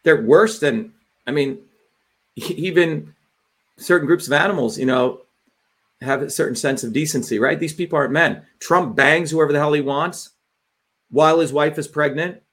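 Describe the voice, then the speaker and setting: On a livestream, a man with a somewhat high voice launches into a rant, speaking as both a political candidate and a host. His delivery is fiery and forceful, thick with swearing, at a moderate pace.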